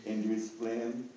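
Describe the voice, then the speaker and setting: A man in his own recounts a testimony at an unhurried pace, with his pitch swinging widely as he leaps into excited highs. His tone is dark and mellow. He sounds distant, in a strongly echoing room with a faint hum of noise. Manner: halting non-native English, jumps to high excited exclamations. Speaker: evangelist sharing a testimony. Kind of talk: animated testimony to a listening audience.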